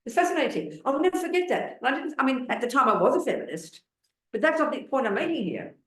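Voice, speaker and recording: A high, expressive, fast voice comes from a seventy-something Buddhist nun giving a dharma talk. She is blunt and emphatic, hammering her listeners with rhetorical questions, and the hall sounds roomy.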